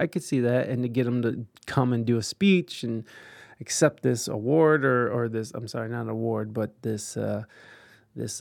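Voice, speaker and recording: A man's voice: mid-range voice, creaky, a little mellow, no echo, clean studio sound. A tired man doing casual reaction commentary. He reads news articles aloud and rambles, with frequent fillers and restarts. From United States. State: tired and yawning.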